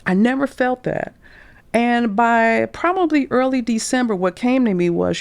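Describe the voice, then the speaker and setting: A woman's voice: on the high side, moderate pace, clear, resonant tone, no echo. A middle-aged woman career coach telling candid stories on a podcast, acting out the quoted voices and dropping to whispers. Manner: animated, acts out quoted speech, drops to whispers.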